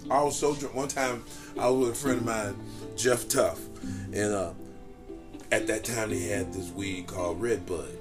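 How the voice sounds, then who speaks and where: A man co-hosting a casual chat, telling a comic story in an animated, profane way. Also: fairly low pitch, normal speed, over music. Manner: animated, profane, acts out voices. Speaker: channel co-host.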